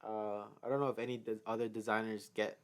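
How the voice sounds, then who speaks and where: A young male footwear designer co-hosting a casual podcast, easygoing and quick to chime in. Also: on the low side, level tone, clear, resonant tone. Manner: easygoing, chimes in with short agreements. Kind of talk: casual chat.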